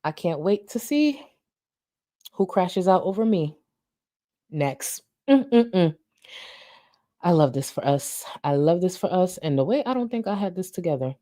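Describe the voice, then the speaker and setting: A woman's voice: on the low side, very animated, normal speed, warm tone, no room sound, clean studio sound. A woman commentary host thanking her viewers in a loose, rambling way, saying she is tired. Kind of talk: casual sign-off talk to viewers.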